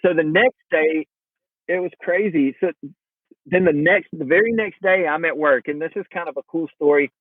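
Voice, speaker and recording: A man's voice: fairly high pitch, moderate pace, breathy edge, no room sound. A man, a podcast guest, telling a story in casual conversation and acting out the dialogue of the people in it. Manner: animated, acts out quoted dialogue. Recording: tinny phone-line sound.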